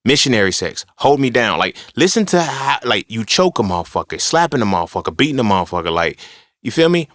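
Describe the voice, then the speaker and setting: A man hosts a podcast solo, rambling along in a casual, profane, emphatic monologue and constantly tossing in "you feel me" asides. His mid-range voice is fast and sing-song with a fairly bright tone. The recording is clean studio sound with no room sound.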